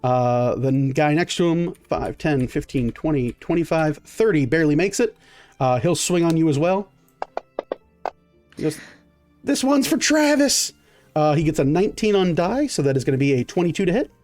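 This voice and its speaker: A man's voice: a little high, a little fast, darkish tone, faint music behind. A man running a tabletop game as dungeon master, narrating vividly with many fillers.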